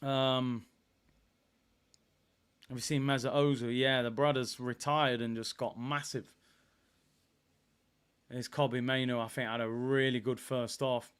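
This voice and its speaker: A young man hosting a live football watchalong, chatting casually with viewers and bursting into excitement. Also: medium pitch, a little slow, long pauses, clean tone. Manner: animated, banter with chat, bursts of excitement.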